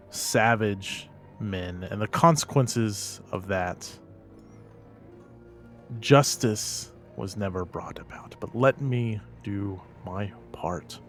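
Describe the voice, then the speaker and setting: A man voicing a solemn investigator who speaks to a ghost in a forceful, declaiming way. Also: on the low side. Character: solemn male investigator laying a ghost to rest.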